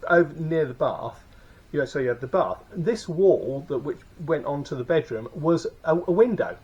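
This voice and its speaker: A man's voice: mid-range voice, husky. A man recounting a motorcycle tour in a casual, rambling way, full of fillers and restarts. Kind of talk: casual spoken recap. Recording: dull lo-fi recording.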